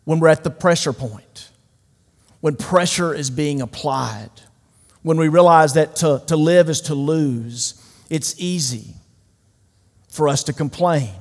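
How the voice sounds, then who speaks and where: Emphatic preaching man in a reverberant hall. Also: on the high side. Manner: emphatic, swings from loud to hushed. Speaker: pastor. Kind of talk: sermon. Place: large room with an audience.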